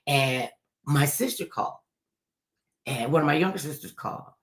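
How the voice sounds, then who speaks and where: Older woman telling a family story, voice jumps all over, chatty and lively. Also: moderate pace. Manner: animated, acts out quoted voices with big pitch jumps. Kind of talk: casual storytelling interview.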